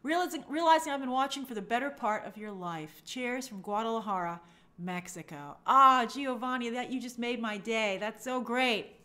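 A livestream host from New York reads viewer comments aloud at normal speed, her fairly high voice bright and forceful. She's bubbly and gushing throughout the casual chat, stumbling over hard names.

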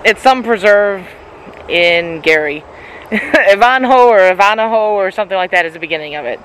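A man's voice: high-pitched, animated, normal speed, fairly bright tone, slight background noise, rough recording. A man hosting a casual vlog outdoors on a nature trail, easygoing and chuckling often between fillers. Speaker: vlogger.

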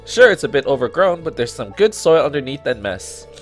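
A man's voice: mid-range voice, big pitch swings, a little fast, soft background music, close to an everyday voice. A man reading the lines of a friendly woman carpenter from a farming game.

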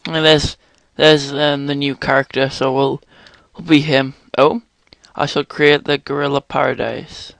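A young man commentating a game he is playing, excitable, exclaiming and swearing often. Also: mid-range voice, unhurried, creaky, no echo. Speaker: gaming channel host. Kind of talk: let's play commentary.

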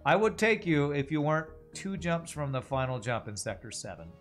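A man's voice: a little high, very animated, brisk, faint music behind. A man streaming a video game, chatting casually and thinking aloud with jokes and tangents. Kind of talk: casual gameplay commentary.

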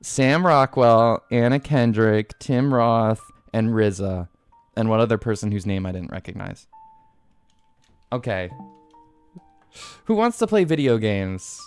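A man's voice: fairly low pitch, lively intonation, a little slow, long pauses, clean tone, no echo, faint music behind. A man streaming a video game live, rambling casually, swearing often and laughing easily.

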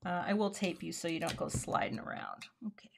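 A woman's voice: on the low side, big pitch swings, a little fast, gravelly, whispered. A woman hosting a casual live craft demo, talking herself through each step and murmuring asides under her breath. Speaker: card-making host.

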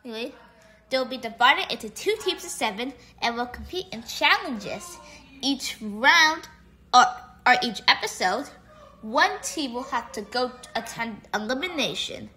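A woman's voice: on the high side, lively intonation, measured pace, bright, forceful tone. A woman doing a grumpy camp chef. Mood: grumbling. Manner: grudging, annoyed.

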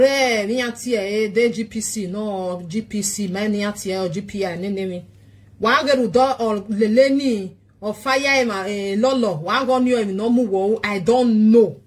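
A woman's voice: mid-range voice, breathy edge. A woman with a Nigerian accent pleading at length in a casual talk show monologue, repeating short questions.

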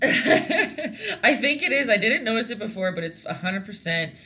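A woman's voice: a little high, big pitch swings, moderate pace, bright, forceful tone. A young Canadian woman teaching a casual live-stream painting lesson, chatty and giggly, rambling with lots of fillers. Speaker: painting instructor.

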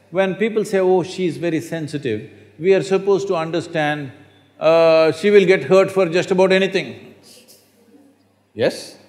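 Spiritual teacher guy talking to a crowd, emphatic, bit high voice, big hall echo. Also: darkish tone. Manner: emphatic, asks the audience questions. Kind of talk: talk to a live audience. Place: large hall. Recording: echoey hall.

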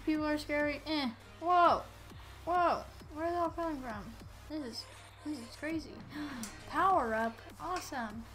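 Excitable high-voiced woman playing a game. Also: unhurried, soft background music. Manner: excitable, yelling at enemies, playful. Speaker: gameplay commentator. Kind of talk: casual let's-play commentary.

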